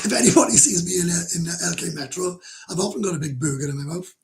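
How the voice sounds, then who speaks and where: Gravelly Welsh man, blunt livestream host. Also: high-pitched, lively intonation, fast talker. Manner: blunt, swears freely, rambling with frequent laughs. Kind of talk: casual livestream chat, reading comments.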